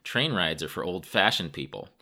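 A man's voice: deep voice, lively intonation, moderate pace, pushed and bright, full character voice. A man voicing a confident, dismissive young Russian businessman who talks in a cocky, teasing way.

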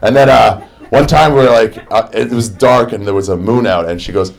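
A young adult man doing a crude, sarcastic and energetic stand-up story. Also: on the low side, moderate pace, vocal fry, a crowd in the background. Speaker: stand-up comedian.

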